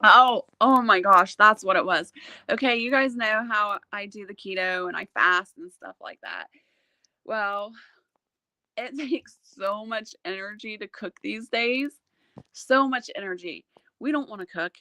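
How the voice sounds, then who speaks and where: Bright-voiced woman chatting and laughing. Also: mid-range voice, unhurried. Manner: laughs often while telling stories; animated, chatty storytelling. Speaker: livestream host. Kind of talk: casual livestream chat.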